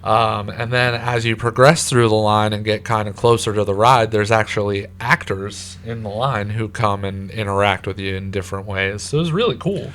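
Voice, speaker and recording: A man's voice: lowish voice, moderate pace, hardly any pauses, fairly bright tone, slight background noise. A young man co-hosting a casual chat, describing a haunted attraction in a laid-back way with lots of fillers. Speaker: co-host.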